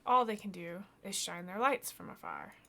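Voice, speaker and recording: A woman voicing a quiet, dreamy young girl who speaks softly and wistfully, reading a game's lines aloud. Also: mid-range voice, huge pitch swings, normal speed, gravelly, heavily acted.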